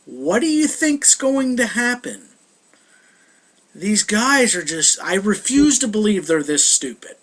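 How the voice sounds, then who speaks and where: A man's voice: high voice, big pitch swings, slow, a bit bright. A young man ranting in a casual, heated vlog monologue, sounding exasperated. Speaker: vlogger.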